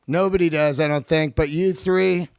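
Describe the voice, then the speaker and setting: A male podcast host delivering a profane, animated comedic rant on his own. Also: fairly high pitch, normal speed, vocal fry, clean tone, dry recording, studio quality. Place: lives in Los Angeles.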